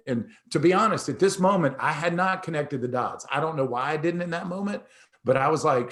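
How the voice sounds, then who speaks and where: A man's voice: a little high, brisk. A middle-aged man hosting a talk, telling a personal story in a casual, conversational way and acting out the dialogue. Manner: animated storyteller who acts out dialogue. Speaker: host.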